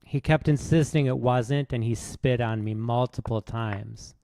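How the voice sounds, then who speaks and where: A man streaming, rambling in a deadpan, sarcastic way with halting restarts. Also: medium pitch, creaky. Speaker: chess streamer. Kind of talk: casual rambling monologue.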